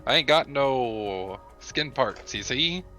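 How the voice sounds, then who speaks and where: A boneless skeleton hero who just rattles along, talking in a loose drawl, as a man puts him on. The voice is bright and forward, with faint music under it in a tabletop game session. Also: medium pitch, lively intonation, takes it slowly, dull audio. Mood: easygoing. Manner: drawling, laid-back, slips into a Southern twang. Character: male living skeleton adventurer, rattling, folksy.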